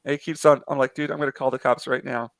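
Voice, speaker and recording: Casual male streamer, gravelly edge, dry close mic, rambling storyteller. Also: medium pitch, little pitch movement, quick pace, a bit bright, no echo. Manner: rambling with many fillers and restarts. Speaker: live-stream artist chatting with a viewer. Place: apartment in a city.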